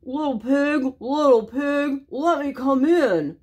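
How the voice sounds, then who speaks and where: A woman's voice: high voice, takes it slowly, a little mellow, voice pushed up. A woman voicing a polite, sniffling male wolf with a cold in a storybook read-aloud, stammering as he pleads. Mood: pleading.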